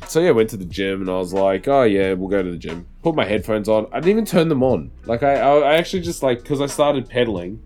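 A man's voice: on the low side, expressive, fast, few pauses, soft background music. A man, chatting casually as a podcast co-host, rambling and swearing freely. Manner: rambling, swears freely, acts out quoted lines loudly. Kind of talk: casual chat.

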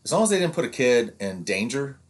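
A man's voice: medium pitch, big pitch swings, a little fast. A man in his fifties, a coach, chatting casually on a podcast and rambling, with restarts and acted-out quotes from parents. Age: 50s. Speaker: youth sports coach and podcast co-host.

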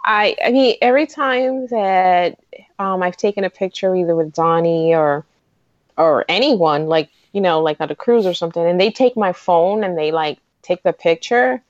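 Excitable woman rambling on a fan pod, dry and a bit muffled. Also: on the low side, moderate pace, no echo. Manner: rambling, excitable, full of likes. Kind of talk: casual fan chat.

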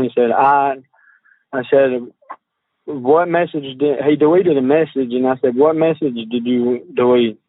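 A man, talking haltingly on a phone call and reading out text messages, with many fillers and restarts. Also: medium pitch, no room sound. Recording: tinny phone line, dry.

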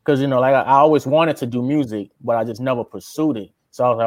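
A man's voice: medium pitch, fast, darkish tone, no room sound. Laid-back Louisiana man, dry close sound. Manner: laid-back, drawling, calls listener man and brother. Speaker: interviewee, aspiring rapper. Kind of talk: casual street interview.

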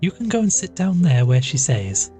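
A man reading aloud and voicing a warm-hearted but stiff country hostess, speaking kindly and slowly. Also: low voice, big pitch swings, soft background music, pitched above the performer's own voice. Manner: kindly, slow, constrained.

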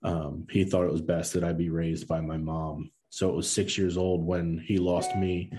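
A man in his thirties tells a personal story in a low, mellow voice. He speaks in earnest and acts out the lines of the people in it. His casual speech is full of fillers. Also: flat delivery, moderate pace, slight background noise. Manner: earnest, acts out quoted dialogue, many fillers. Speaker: podcast guest.

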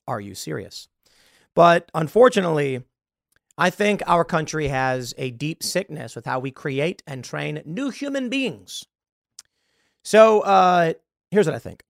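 A man's voice: a little high, vocal fry, no room sound, studio quality. A man hosting an opinion commentary show, lecturing with a sarcastic edge. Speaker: political commentary host.

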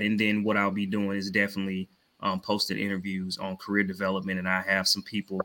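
A man's voice: deep voice, monotone, brisk, pushed and bright, low-quality recording. A man co-hosting a live podcast, speaking casually and in a laid-back way while he plugs his upcoming interviews. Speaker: podcast co-host.

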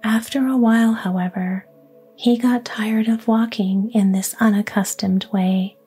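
A woman reads a fairy tale entirely in a whisper. Her voice is breathy, mellow and very unhurried, with soft music underneath. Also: fairly high pitch, fairly even intonation. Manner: whispers throughout. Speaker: storyteller.

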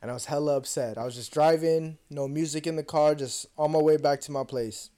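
A young man co-hosting a podcast, telling a personal story in a casual, profane and animated way and acting out the other voices. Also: fairly high pitch, fairly quick. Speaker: podcast co-host.

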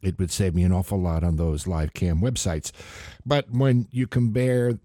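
A man hosting a radio comedy show, delivering a wry, scripted monologue with deadpan asides. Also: deep voice, moderate pace, dry recording, studio quality. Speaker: comedy podcast host.

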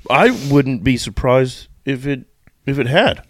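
A man's voice: medium pitch, no room sound, studio quality. A man co-hosting a casual podcast, chiming in with short replies and crude banter. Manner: slow back-channel replies and crude banter. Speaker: podcast co-host.

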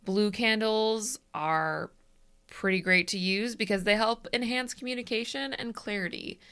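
A young woman co-hosting a casual podcast. She walks through her notes in a dry, deadpan way, with a medium pitch. Her voice is plain and even. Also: measured pace, clean tone. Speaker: podcast co-host.

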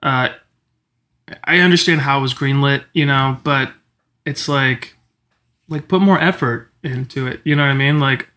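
A man's voice: mid-range voice, moderate pace, pauses often, sharp tone. A man co-hosting a casual movie podcast, chatting loosely with lots of "like" and "you know". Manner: casual, filler-heavy, says "like" and "you know" a lot. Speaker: podcast co-host.

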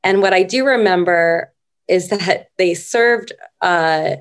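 A middle-aged woman, a podcast guest, telling stories at an unhurried, reflective pace in a casual interview. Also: on the low side.

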